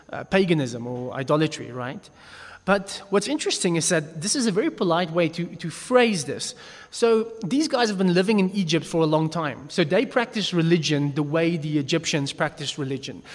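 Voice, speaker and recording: A man giving a casual, joking Bible lesson, with frequent restarts as he talks. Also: sits high. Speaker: Bible teacher. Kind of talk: casual teaching talk. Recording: long echo of a reverberant hall.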